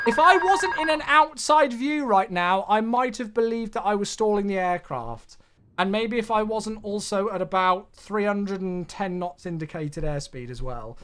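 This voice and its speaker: A man's voice: high voice, expressive, normal speed, a bit bright, a little hiss or hum. A man streaming a flight simulator, chatting casually with viewers, thanking them and joking to himself.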